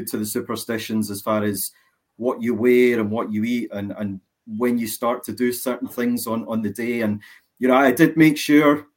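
A man from Scotland, a mild-mannered guest talking hesitantly in a casual interview. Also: mid-range voice. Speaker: guest fan.

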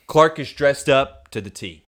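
A man co-hosting a casual podcast, recapping a TV episode and acting out the characters' lines. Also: measured pace. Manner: animated, acts out characters' lines in a higher voice. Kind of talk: casual chat.

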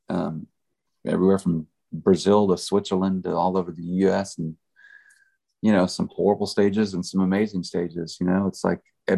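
Middle-aged country music guy, real low gravelly voice, rambling easy chat. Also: darkish tone. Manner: laid-back, rambling, lots of fillers. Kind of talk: casual storytelling chat.

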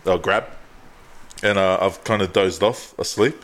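A man's voice: low-pitched, steady tone, a little slow, fairly bright tone. A man co-hosting a podcast, telling sheepish stories about himself with lots of laughter. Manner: sheepish, laughing, self-mocking. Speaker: podcast co-host. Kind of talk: casual banter.

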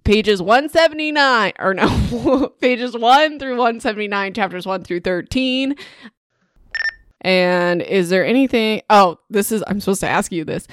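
A woman's voice: medium pitch, measured pace, no room sound. Podcast host: a giggly, scattered woman on a dry close mic, chatting casually and constantly restarting. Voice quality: giggly, keeps breaking into laughter. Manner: scattered, self-interrupting, restarts. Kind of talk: casual chat, bloopers. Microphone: desk mic close by.

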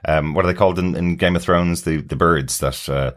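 A man's voice: low-pitched, fairly even intonation, brisk. A man co-hosting a podcast, explaining at length in casual chat with frequent fillers. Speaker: podcast co-host.

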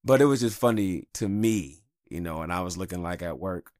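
A man's voice: low voice, animated, a little fast, a little mellow, no room sound, studio quality. A man hosting a podcast, talking in a candid, rambling, profane monologue. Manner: candid, rambling, heavy swearing. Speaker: podcast host.

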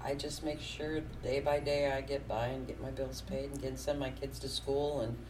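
A woman's voice: very deep voice, normal speed, far from the mic. A middle-aged woman running her own small business speaks bluntly in a casual chat, often getting worked up. Her voice sits back from the mic. A faint hiss hangs under the recording. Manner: blunt and opinionated, gets animated. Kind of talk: casual conversation.

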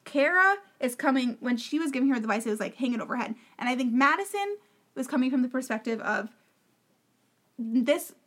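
An opinionated woman with a fairly high voice, trading takes on a reality show in casual podcast chat. She talks emphatically and cuts in often. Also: expressive, fairly quick, a bit bright. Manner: opinionated, emphatic, talks over the other host. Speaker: podcast co-host.

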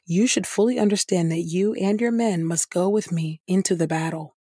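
A woman's voice: on the low side, normal speed, warm tone, slightly rough, no room sound, studio quality. A woman reading the lines of a commanding foreign king, matter-of-fact, in a plain scripture-reading voice. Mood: firm.

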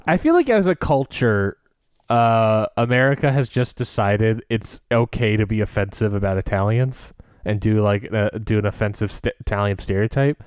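A man's voice: on the low side, expressive, normal speed, darkish tone, smooth, no echo. A man co-hosting a podcast in casual chat, rambling and laughing often as he talks. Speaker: podcast co-host.

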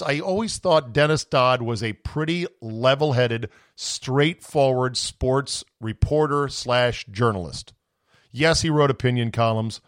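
A man's voice: medium pitch, no echo. Sarcastic ranting man, dry close mic. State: voice going from screaming. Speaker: podcast host. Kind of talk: casual podcast rant.

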